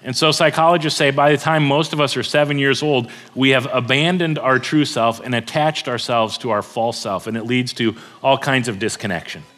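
Middle-aged guy preaching a sermon, earnest, slows way down on the big lines. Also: medium pitch, fairly even intonation, a bit bright. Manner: earnest storytelling, slows down for emphasis. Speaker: pastor.

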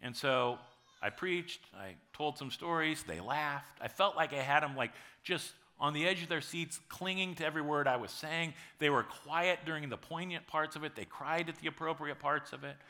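A pastor in his forties preaches a sermon in a conversational, storytelling way, punctuated by dramatic pauses. His voice is a little high and sharp in tone.

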